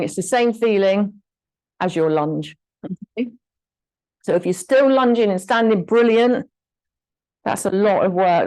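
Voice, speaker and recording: A woman leads a gentle exercise session at an unhurried, patient pace, breaking each movement into short spoken cues. Her voice sits at an ordinary middle pitch. She encourages the listener as she counts through each step. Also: rough recording. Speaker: fitness instructor. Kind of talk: guided exercise class.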